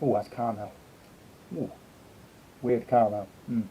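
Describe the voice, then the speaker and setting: A man's voice: medium pitch, flat delivery, moderate pace, slight background noise. A man hosting a casual live stream, chatting and greeting his viewers one by one. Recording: slightly dull lo-fi sound.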